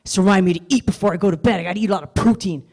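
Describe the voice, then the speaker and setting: A woman voicing a big, muscly man who brags in a loud, pushy way about working out and protein. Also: mid-range voice, racing, close to an everyday voice. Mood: boastful. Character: big sweaty muscly gym-obsessed man, boastful.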